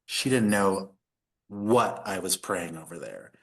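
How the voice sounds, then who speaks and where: A man's voice: sits low, animated, takes it slowly, gravelly, fairly bright tone. A middle-aged man, a podcast guest, telling a personal story in earnest conversation, with many fillers.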